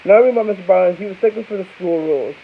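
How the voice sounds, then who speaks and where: A man's voice: high-pitched, rapid-fire. A young man from Florida telling a rambling, casual story to camera as a vlogger, full of restarts and asides. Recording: tinny phone-like audio with faint hiss.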